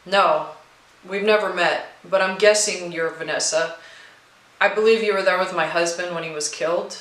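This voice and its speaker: A woman voicing a widowed mother in a storybook reading. She speaks in a gentle but pressing, welcoming way. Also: lowish voice, fairly even intonation, normal speed, echoey room, natural voice, poor audio. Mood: coaxing. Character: warm, insistent widowed mother.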